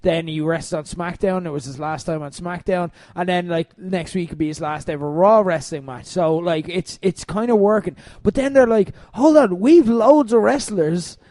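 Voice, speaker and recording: Man, podcast co-host, high voice, dry close sound, casual chat, animated. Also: moderate pace, hardly any pauses, no room sound. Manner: animated, laughs often, swears casually.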